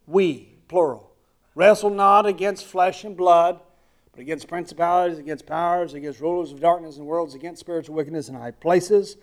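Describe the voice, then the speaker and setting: A pastor from the American South preaches in a high, light voice with a Southern accent. He drops to quiet, close asides, then climbs into loud, emphatic declarations. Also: moderate pace, long pauses. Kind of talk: sermon.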